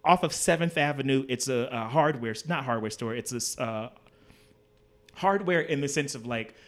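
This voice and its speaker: A man's voice: mid-range voice, moderate pace. A man, a guest on a podcast, telling a story casually and acting out the voices of the people in it. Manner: animated storyteller, acts out dialogue with big swings in voice. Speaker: interview guest, designer.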